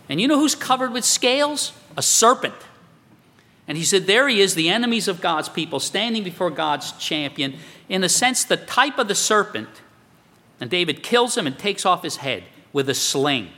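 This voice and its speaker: A man preaching a sermon as a pastor, animated and emphatic. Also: fairly high pitch. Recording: long hall reverb.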